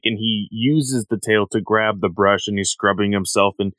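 A man's voice: on the low side, level tone, moderate pace, fairly bright tone, no room sound. A man co-hosting a podcast, recapping a story in rambling casual chat with many fillers. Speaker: podcast co-host.

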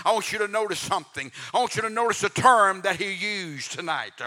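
High, bright-voiced male preacher. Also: expressive, brisk. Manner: preaching with a rising, sung cadence; repetitive calls to the congregation. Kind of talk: sermon.

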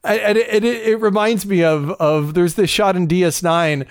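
Male podcast host, a bit high, eager and rambling, dry close mic. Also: fairly even intonation, moderate pace, no room sound. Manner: rambling and enthusiastic, with many fillers and restarts. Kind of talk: casual chat.

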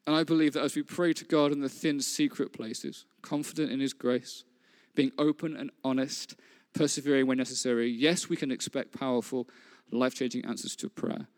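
A man preaching the close of a sermon on prayer in an earnest, measured way. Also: medium pitch, steady tone, a little mellow. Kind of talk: sermon closing.

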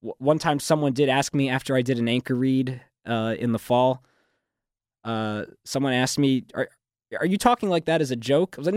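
A man's voice: mid-range voice, normal speed, no echo, clean studio sound. A young man, a graduating student, talking fluently in a radio interview with a newsreader-like delivery. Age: young adult. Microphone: studio microphone.

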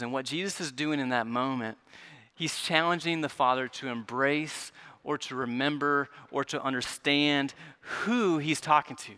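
A male pastor preaching a sermon in an earnest way, often repeating words as he restarts, dropping soft and rising again. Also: mid-range voice, moderate pace, clear, resonant tone. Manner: earnest, stumbling repetitions, drops soft then rises.

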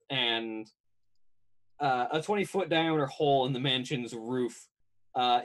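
A man serves as game master for an online tabletop session, describing a ruined rooftop scene. His voice sits in a middle pitch, and he stops often to say um and uh before he reads on. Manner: halting, many ums and uhs, reads descriptions aloud.

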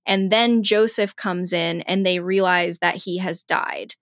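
A woman's voice: lowish voice, fairly even intonation, unhurried, fairly bright tone, no room sound, clean studio sound. A woman casually recapping a novel chapter by chapter, chatty and full of "like", lightly voicing the characters' lines. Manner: chatty retelling, voices quotes lightly, frequent "like". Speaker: podcast co-host recapping a novel. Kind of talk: casual chat.

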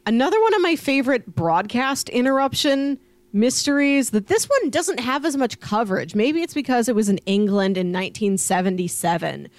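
A woman's voice: fairly high pitch, expressive, moderate pace, no echo. A young woman co-hosting a podcast, chatting enthusiastically with lots of "like" fillers. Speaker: podcast co-host. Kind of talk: casual podcast chat.

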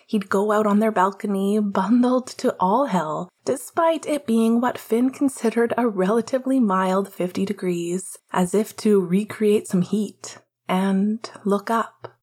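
A woman narrating a work of fiction aloud, in a gentle, measured storytelling manner. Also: mid-range voice, husky.

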